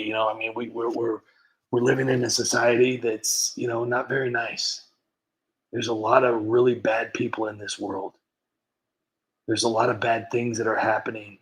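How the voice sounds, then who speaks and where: Medium-pitched and heard through poor audio, this man hosts a laid-back livestream. Tipsy from wine, he laughs a lot, cracking jokes and rambling while reading viewers' names aloud.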